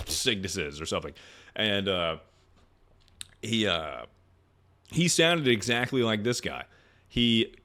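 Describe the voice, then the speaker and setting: Young male streamer, slightly low voice, loose and profane, laughs through his advice. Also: fairly bright tone. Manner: rambling, profane, laughs often. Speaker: streamer giving advice to chat. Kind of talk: casual livestream chat.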